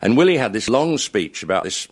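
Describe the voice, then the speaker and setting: Deep-voiced older man telling anecdotes. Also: very animated, brisk. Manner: chuckling, genial anecdotes with quoted punchlines. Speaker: after-dinner raconteur. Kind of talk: anecdotal storytelling to a live audience.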